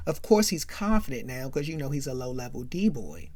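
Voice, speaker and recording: A woman's voice: a bass voice, normal speed. A woman hosting a chatty, casual movie recap, often checking in with "right?". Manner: chatty, animated, keeps asking "right?". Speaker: host.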